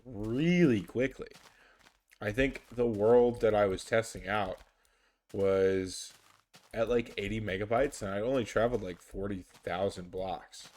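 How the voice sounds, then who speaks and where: Low-pitched and a little mellow, this man is a gaming YouTuber whose commentary drifts along slowly. Fillers and restarts pile up, and he seems sleepy, yawning between thoughts.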